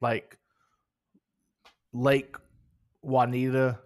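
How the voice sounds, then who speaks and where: A man's voice: medium pitch, flat delivery, drawn-out words. A man co-hosting a casual podcast, playful and joking as he reads reviews. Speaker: podcast co-host.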